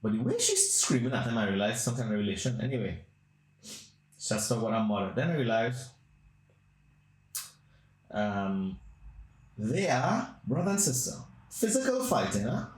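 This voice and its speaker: Guy hosting a podcast, crude blunt rambling storyteller, mid-pitched voice, echoey room. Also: expressive, measured pace, pauses often. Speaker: podcast host. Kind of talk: casual storytelling. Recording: roomy echo.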